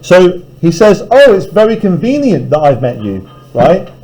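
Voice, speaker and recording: A man's voice: high voice, very animated, normal speed, mellow, breathy edge, poor audio. A male teacher reading a novel aloud in a classroom and breaking off to explain it in casual terms. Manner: reads aloud, then paraphrases casually.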